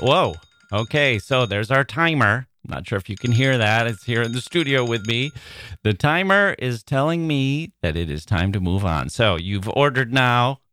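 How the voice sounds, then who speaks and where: A man's voice: on the low side, fairly bright tone, no echo. A man hosting a literary podcast in a playful, jokey manner, telling stories and chuckling at them, recorded in a studio. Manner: jokey storyteller who chuckles at his own stories. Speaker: podcast host.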